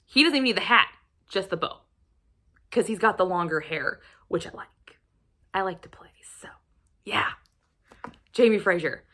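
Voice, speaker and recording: A woman vlogger gushing over her favorite romance books, swearing freely and now and then sinking into a breathy whisper. Her voice is bright and forceful and sits at a middle pitch. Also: animated, normal speed, pauses often. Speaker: book reviewer. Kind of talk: casual book recommendation vlog.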